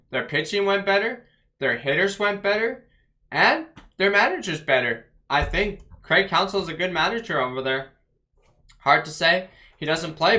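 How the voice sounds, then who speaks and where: A man's voice: fairly high pitch, sharp tone. A man hosting his own fan channel, ranting bluntly about a loss and rattling off stats and player names. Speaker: fan vlog host. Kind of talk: post-game fan rant.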